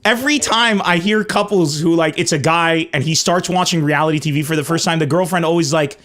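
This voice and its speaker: A man's voice: on the high side, a little fast, a bit bright. Podcast host, man, eager interjections. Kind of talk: casual podcast chat.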